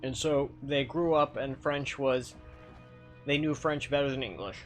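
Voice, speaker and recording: A man streaming a game and chatting casually, swinging between mumbling and loud, swearing exclamations. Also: medium pitch, steady tone, measured pace, faint music behind.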